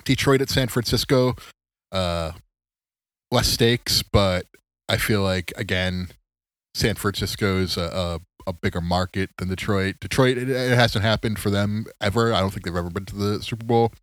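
A man's voice: fairly low pitch, normal speed, fairly bright tone, no echo. A man hosting a solo podcast, chatting casually about sports late at night, rambling and self-mocking, tired and yawning. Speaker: podcast host.

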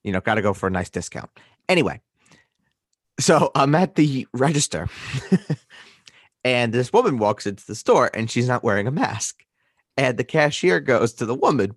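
A man hosting a casual podcast, an animated storyteller who swears freely. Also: medium pitch, moderate pace, no room sound, clean studio sound. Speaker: podcast host.

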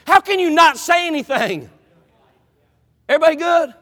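A man preaching an animated sermon in a church, acting out Bible characters in dialogue. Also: very high voice, moderate pace, long pauses. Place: church sanctuary. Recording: long reverb of a large hall.

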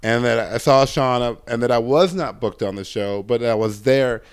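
A man, a stand-up comedian telling a long story in a casual interview, swearing often and filling pauses with "uh.". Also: medium pitch, clear, resonant tone. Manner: profane, rambling storyteller with many fillers.

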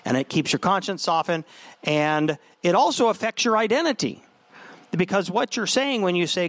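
A man's voice: sits high, expressive, moderate pace, fairly bright tone, dry recording. Conversational male pastor, dry sound. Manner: conversational preaching with frequent restarts. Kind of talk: sermon.

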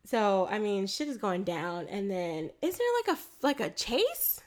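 A woman co-hosting a podcast, retelling a film in a casual, animated and profane way with frequent laughter. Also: mid-range voice, a little slow. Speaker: podcast co-host. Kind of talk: casual film recap chat.

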